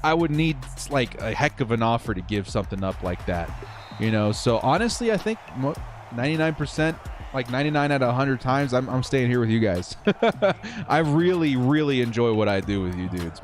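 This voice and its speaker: A young man hosting a live stream, calling a football video game and chatting with viewers in a casual, upbeat way, laughing often and repeating words. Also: mid-range voice. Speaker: streamer and host of a football simulation channel. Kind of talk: live stream game commentary with chat replies.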